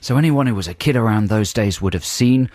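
A man co-hosting a radio show, explaining things in a wry, deadpan way. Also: lowish voice, brisk, dry recording. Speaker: radio host. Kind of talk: casual radio chat. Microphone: studio mic.

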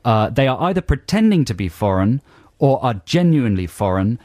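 A man's voice: medium pitch, sing-song, brisk, darkish tone, dry recording. A man presenting a radio show, teasing and dry as he talks to callers. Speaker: radio co-host.

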